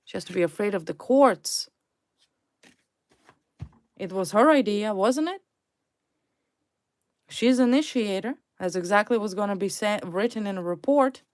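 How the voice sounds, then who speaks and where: A woman's voice: mid-range voice, expressive, a little slow, long pauses. A woman reading tarot cards to a viewer, blunt and emphatic, repeating her points and swearing freely. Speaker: tarot reader.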